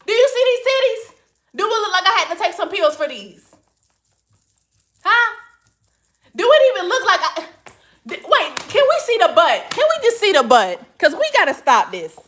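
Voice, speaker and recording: A woman's voice: very high voice, big pitch swings, normal speed, pauses often, a bit bright. A woman hosting a casual livestream from her phone, reading comments and answering in a sassy manner, calling everyone honey. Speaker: livestream host.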